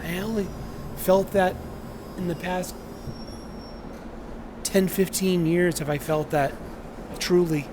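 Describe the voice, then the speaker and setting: A man's voice: fairly even intonation, slow pace, long pauses. A middle-aged man vlogging on a subway train, talking candidly in a rambling monologue with joking asides. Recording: loud rumbling train noise. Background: subway train and announcements.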